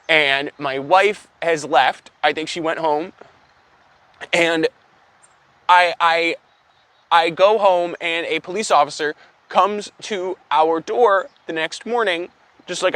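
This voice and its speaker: A young man telling an absurd story as an exasperated, profane, deadpan comedy rant. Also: fairly high pitch, no room sound. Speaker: comedic vlogger.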